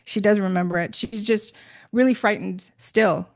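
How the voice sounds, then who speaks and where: A woman's voice: mid-range voice, normal speed. Middle-aged woman, casual storyteller, rambling with fillers, mid-range voice. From Minnesota. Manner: rambling, many fillers and restarts.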